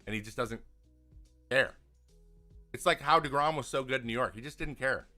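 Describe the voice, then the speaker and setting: A man talking loosely on a live stream, his voice bright and forward. He rambles, restarts his sentences and gets animated when he vents. Soft music plays behind him. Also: medium pitch, moderate pace. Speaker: podcast host answering viewer questions. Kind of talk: casual live chat.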